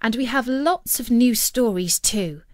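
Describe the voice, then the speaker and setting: A woman narrating a fairy tale audiobook in an expressive, measured way. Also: a little high, dry recording. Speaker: storyteller.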